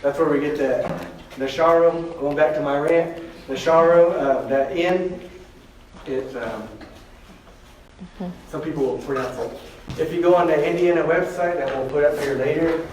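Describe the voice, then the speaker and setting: A man in a classroom leads students through sounds, informal and joking. His voice sits a little high and comes from a distance. The room echoes heavily and there is a steady noise underneath. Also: moderate pace, long pauses. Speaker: language teacher. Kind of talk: classroom teaching.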